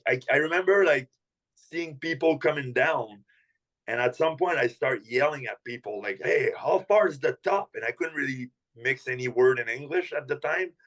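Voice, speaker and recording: Relaxed man telling hockey stories. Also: mid-range voice, normal speed, low-quality recording. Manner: relaxed storyteller, many fillers like "like". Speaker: hockey skills coach. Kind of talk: casual podcast chat.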